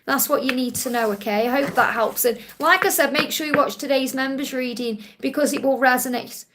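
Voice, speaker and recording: Female live-stream psychic host, high voice, gentle, reassuring delivery. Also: brisk, noisy background. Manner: gentle and reassuring, ends points with a soft "okay?"; relays messages in first person with emphatic repetition. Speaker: psychic card reader hosting a live Q&A.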